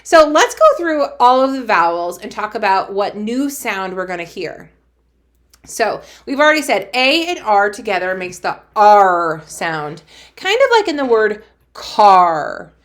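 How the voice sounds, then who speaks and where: Slow, encouraging woman teaching phonics. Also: mid-range voice, sing-song. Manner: cheerful, encouraging, sounds out letters slowly. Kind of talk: phonics lesson for young children.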